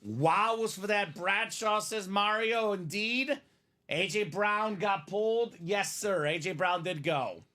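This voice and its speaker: A man's voice: high voice, expressive, slow, bright, forceful tone. A man hosting a live stream, chatting casually and reading viewer comments aloud.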